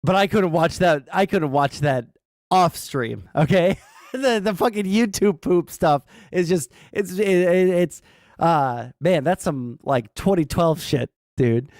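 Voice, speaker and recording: A man's voice: a little high, slow pace, a little mellow, dry recording. Rambling male streamer, dry close mic. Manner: rambling, filler-heavy, wry. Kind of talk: casual political commentary stream.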